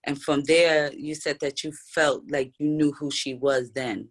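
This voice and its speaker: A middle-aged mother telling a family story in an earnest, measured way during a casual chat. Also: sits low, steady tone. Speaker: guest, mother of a guest.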